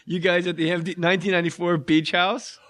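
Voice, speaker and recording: A man's voice: high-pitched, fast, no echo, clean studio sound. A man hosting a podcast, telling a long story in a casual chat and slipping into funny voices. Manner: animated, slips into character voices mid-story. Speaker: podcast host.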